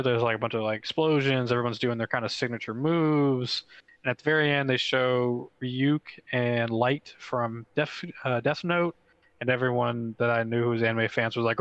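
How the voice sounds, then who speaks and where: A young man co-hosting a casual gaming podcast, telling stories excitedly with lots of fillers. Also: mid-range voice, clean tone, dry recording, dull audio. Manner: excitable, fast storytelling with swearing and many fillers. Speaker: podcast co-host.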